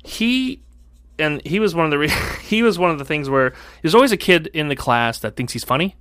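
A man's voice: on the high side, expressive, a little fast, fairly bright tone, clean tone, no echo. A young man hosting a casual podcast, telling candid, profane stories from school. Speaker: podcast host. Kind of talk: casual chat.

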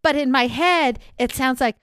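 A woman's voice: high voice, moderate pace, very noisy. A woman who writes books, chatting candidly on a podcast and often poking fun at herself. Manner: candid and self-deprecating. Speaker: podcast guest, author. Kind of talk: frank casual chat.

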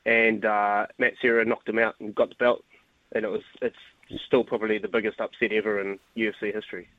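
A man's voice: lowish voice, little pitch movement, brisk, no room sound. A man calling in to a radio show, laid-back and a bit hesitant, over a tinny phone line. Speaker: caller. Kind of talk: phone-in chat.

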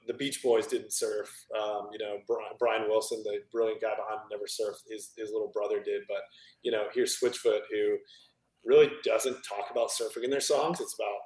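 A man being interviewed as a film director, telling stories in a loose, animated way with lots of fillers and laughter. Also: on the low side, brisk, reverberant, poor audio. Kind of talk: casual storytelling interview.

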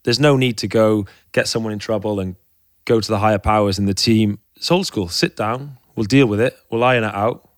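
Frank low-voiced man. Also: fairly quick, no echo, clean studio sound. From Wales. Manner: frank and openly emotional, rambling with restarts. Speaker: guest, professional cyclist. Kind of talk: candid podcast interview.

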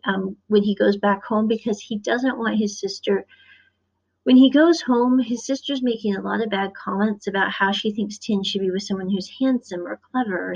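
A woman from the US Midwest, rambling chattily through a casual recap of a show's episode. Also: medium pitch. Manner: rambling, chatty, acts out quotes. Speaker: show reviewer. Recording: dull lo-fi recording.

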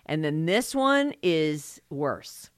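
A woman's voice: deep voice, very animated, extremely slow, no echo, clean studio sound. A woman co-hosting a podcast in casual chat, swearing freely and giggling often. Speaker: podcast co-host.

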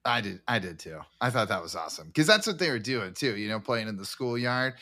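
A man's voice: fairly low pitch, brisk. Laughing man recapping a movie. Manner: laughs often, quotes lines in excited voices. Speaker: podcast co-host. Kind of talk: casual movie-recap chat.

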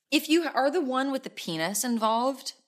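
A young woman co-hosting a podcast in crude, casual comedic chat, laughing often and jumping into high quoted voices. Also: animated, takes it slowly. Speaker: podcast co-host.

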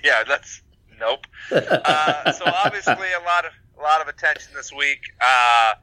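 A man's voice: a little high, unhurried, a loud crowd, poor audio. A man co-hosting a podcast in casual chat, hesitant with lots of fillers and frequent laughter. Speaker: podcast co-host.

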